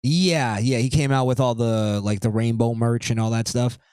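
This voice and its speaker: A man's voice: medium pitch, fairly even intonation, moderate pace, darkish tone, clean tone, dry recording, clean studio sound. A man hosting a podcast, chatting loosely and rambling while reading items aloud. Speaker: podcast host. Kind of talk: casual podcast chat.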